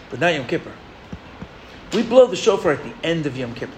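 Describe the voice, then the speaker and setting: Man, high voice, sermon, storytelling, animated, faint background noise. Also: a little fast. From New York. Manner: storytelling, animated, engages the audience with "right?". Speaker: rabbi. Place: rooftop gathering.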